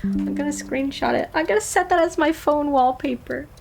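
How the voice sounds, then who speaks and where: A woman's voice: high voice, normal speed, gravelly, darkish tone, faint music behind. A woman streaming a game, chatting casually and laughing often. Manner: giggly, chatty.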